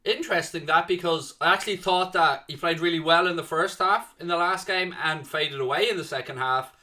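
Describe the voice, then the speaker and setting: A man hosts a live fan watchalong of a football match, chatting off the cuff into a streaming mic. His voice sits a touch high and sounds bright and forceful. He pauses on fillers as he thinks aloud and reads out and answers viewers' chat messages.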